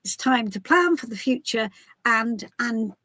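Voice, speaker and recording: A woman's voice: a little high, animated, a little slow, sharp tone, no room sound. A British woman hosting a live tarot stream, chatting casually in a rambling, giggly way. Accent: British English. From Britain.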